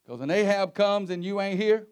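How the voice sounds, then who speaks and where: A high-voiced man preaches a sermon. He retells the story in a folksy, homespun way, dropping to quiet murmurs and then rising to shouts. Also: normal speed, smooth.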